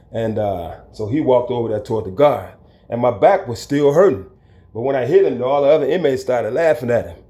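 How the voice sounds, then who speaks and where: A man telling a story from his own life in a casual, lively way, acting out the people in it. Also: medium pitch. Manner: animated, acts out the people in his story, chuckles. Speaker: storyteller recounting his prison time. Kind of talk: casual spoken storytelling to camera.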